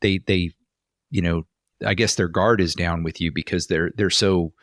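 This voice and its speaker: Man, podcast co-host, low voice, chatty, lots of "you know", dry room. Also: fairly even intonation, moderate pace, fairly bright tone, dry recording. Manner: chatty storyteller, frequent fillers and restarts. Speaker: podcast co-host, former police officer. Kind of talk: casual podcast chat.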